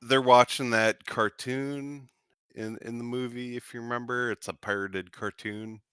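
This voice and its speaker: A man's voice: mid-range voice, steady tone, unhurried, a bit bright, clean tone, dry recording, studio quality. A man co-hosting a comedy podcast, asking questions and egging his friends on in casual banter. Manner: encouraging, curious. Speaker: podcast co-host.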